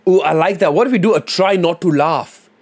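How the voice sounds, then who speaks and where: A man with a high-pitched voice, talking a little fast, live streams and chats loosely with viewers. Slangy and full of fillers, he thinks aloud and mumbles as he reads and types suggestions from chat.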